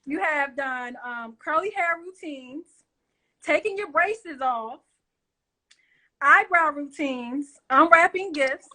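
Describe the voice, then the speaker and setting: A woman's voice: high-pitched, lively intonation, slow, pushed and bright. A middle-aged woman hosting a casual interview, chatty and laughing often as she talks straight to her viewers. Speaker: show host.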